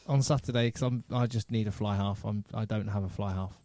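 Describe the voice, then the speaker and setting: A man's voice: lowish voice, steady tone, brisk, dark tone, no echo, clean studio sound. Rambling man telling anecdotes. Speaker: podcast co-host. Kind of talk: casual chat.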